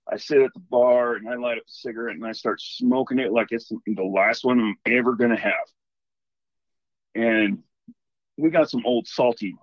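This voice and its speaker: A man calling in to tell a story in a casual, animated, rambling way. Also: mid-range voice, no echo, lo-fi sound. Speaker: caller telling a ghost story.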